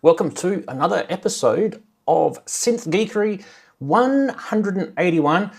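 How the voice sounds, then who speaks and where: A man's voice: high-pitched, lively intonation, unhurried, gravelly, breathy edge. A man with an Australian accent hosting a casual livestream, cracking corny jokes and greeting viewers by name. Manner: jokey, rambling, greets chat by name. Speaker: livestream host.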